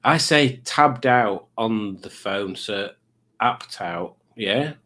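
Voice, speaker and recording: A man's voice: lowish voice, slow pace, bright, forceful tone. A middle-aged man, hosting a live quiz stream in a chatty, rambling, teasing way. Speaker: livestream quiz host. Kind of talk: casual live-stream chat.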